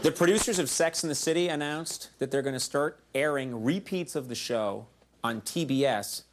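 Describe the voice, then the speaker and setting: A late-night talk show host speaks at a fairly high pitch and normal speed through a comedy monologue full of self-mocking asides on a studio stage, with the live audience laughing and applauding.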